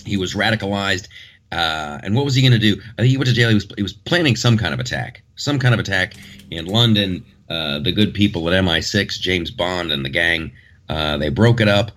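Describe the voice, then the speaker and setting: A man's voice: deep voice, animated, brisk, a bit bright. A man hosting a podcast in casual chat, rambling and joking as he talks through the news. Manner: rambling, joking, many restarts. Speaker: podcast host.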